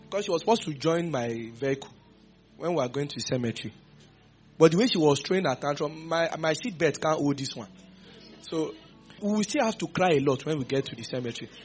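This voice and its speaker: Animated male preacher. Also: on the high side, brisk, faint music behind. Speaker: pastor. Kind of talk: sermon.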